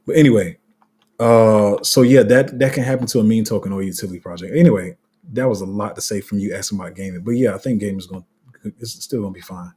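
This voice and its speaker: Dark, husky-voiced man rambling on a stream. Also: lowish voice, quick pace. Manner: rambling, restarts often, laughs at himself; reads viewer comments aloud. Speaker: crypto livestream host. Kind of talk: casual livestream chat reading comments.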